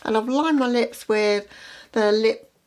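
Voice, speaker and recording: A woman's voice: a little high, a little slow. Chatty woman narrating a makeup tutorial. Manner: chatty, relaxed, explains as she works. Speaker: makeup vlogger.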